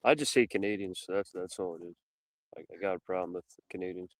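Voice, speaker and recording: A man's voice: sits low, fast talker, dry recording, poor audio. A man chatting as a guest on a live stream panel, blunt and telling stories. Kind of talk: casual live stream chat.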